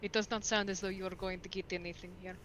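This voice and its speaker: A woman's voice: mid-range voice, little pitch movement, quick pace, a bit bright, a little hiss or hum, lightly acted. A woman voicing a polite female adventurer who speaks formally and measuredly in a tabletop game.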